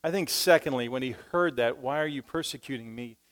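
A man preaching a sermon in church, swinging between quiet, low asides and loud, emphatic passages, speaking into a stage microphone. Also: fairly quick. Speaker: pastor.

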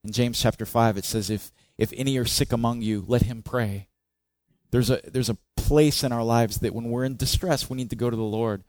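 At a moderate pace and medium pitch, with no echo, a male preacher speaks conversationally to the congregation and asks them questions. He acts out the psalmist's cries expressively, raising his voice.

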